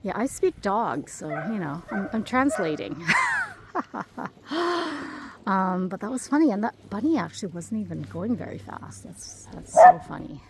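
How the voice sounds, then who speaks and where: A woman's voice: medium pitch, very animated, normal speed, heavy background noise. A woman working as a dog sitter, narrating a casual vlog outdoors at a park and rambling chattily with lots of fillers, recorded on a handheld phone.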